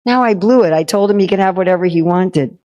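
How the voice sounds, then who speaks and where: A woman's voice: on the low side, fast, mellow, highs cut off, close to an everyday voice. A frantic male deity, fretting and pleading in a raised, anxious voice, acted by a woman retelling the tale. He repeats himself as he panics over a promise he regrets. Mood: flustered. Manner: flustered, pleading.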